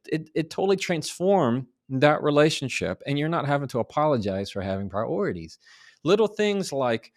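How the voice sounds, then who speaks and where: A man's voice: medium pitch, very animated, normal speed, darkish tone. A man on a podcast as a communication expert, talking emphatically and acting out example phrases. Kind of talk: podcast interview, advice.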